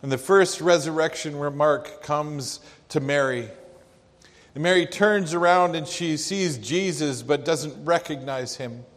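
A man's voice: a little high, fairly bright tone. A man preaching a sermon, in an earnest and reflective way. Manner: slow, earnest, reflective delivery. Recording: long hall reverb.

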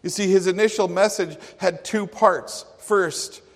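A man's voice: high voice, unhurried. A man preaching a sermon in an earnest, emphatic manner. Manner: earnest, emphatic, with acted quotes. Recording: long hall reverb.

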